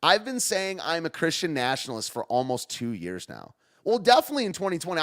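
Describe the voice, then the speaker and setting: A man's voice: fairly high pitch, fairly bright tone. A man hosting a podcast, talking in a sarcastic, rambling way and laughing at himself. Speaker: podcast host. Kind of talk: casual political podcast rant.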